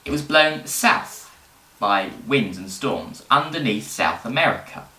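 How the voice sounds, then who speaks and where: A man presenting history in casual educational storytelling, animated and rambling, with fillers and jokes. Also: mid-range voice, a little slow. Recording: roomy, distant mic.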